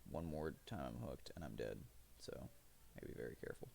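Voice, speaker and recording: A man narrates his own game live, rambling and cursing while laughing at his own mistakes. His voice sits low with a rough, fry-heavy grain. The pitch leaps around a lot as he reacts. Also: animated, fairly quick, darkish tone, slight background noise. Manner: rambling, profane, self-mocking. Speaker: streamer. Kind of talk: live gameplay commentary.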